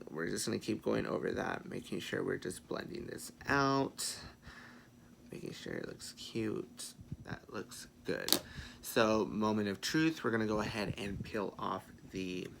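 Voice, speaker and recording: A man chatting through a makeup tutorial in a sassy, playful way, swearing freely and muttering quiet asides to himself. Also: fairly low pitch, gravelly, slight background noise. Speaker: makeup vlogger.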